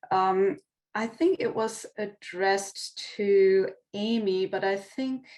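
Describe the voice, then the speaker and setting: A woman with a German accent, a native German speaker, moderates an online Q&A. Her delivery is hesitant, full of ums and restarts. She speaks at a middle pitch over a video call. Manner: hesitant, many fillers and restarts. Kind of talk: webinar Q&A moderating.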